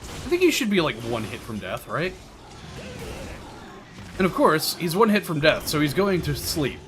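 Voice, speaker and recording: Here a man gives casual gameplay commentary on stream, talking to viewers about tactics and swearing from time to time. He sounds very animated, with a fairly high, a bit bright voice at a moderate pace. Game music is in the background.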